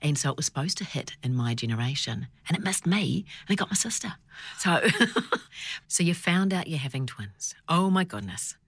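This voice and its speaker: A woman's voice: low voice, animated, moderate pace, slightly rough, dry recording. A woman with a New Zealand accent who hosts a parenting show, asking friendly, encouraging questions. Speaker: radio show host. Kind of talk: interviewing on a parenting program.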